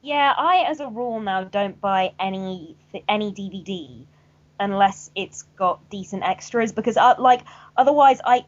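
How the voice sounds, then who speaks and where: A woman's voice: mid-range voice, moderate pace, lo-fi sound. A woman co-hosting a podcast in casual chat, making dry, blunt remarks. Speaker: podcast co-host.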